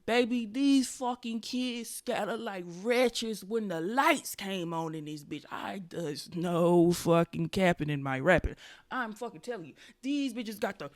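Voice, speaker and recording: A podcast host in her twenties tells a story in a casual, comedic style, swearing and breaking into loud, animated bursts. Her voice is medium in pitch and her pace is measured.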